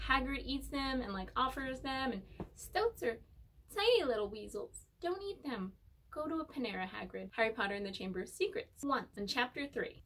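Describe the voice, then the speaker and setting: A woman's voice: a little high, fairly bright tone, distant mic, low-quality recording. Playful young woman reading aloud. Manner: playful, chatty asides between read passages. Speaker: pet vlogger reading aloud. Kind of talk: casual chat and book reading. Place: home room with pets.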